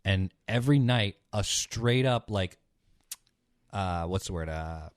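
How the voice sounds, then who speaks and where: This young man, a podcast co-host, speaks expressively and takes his time on a dry, studio-quality recording. His casual storytelling wanders, is full of swearing, and features characters voiced in a low mutter.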